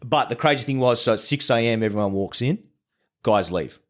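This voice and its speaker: A man's voice: medium pitch, animated, a little fast. A man who is a podcast guest tells his story in casual chat. He swears freely and often restarts his sentences.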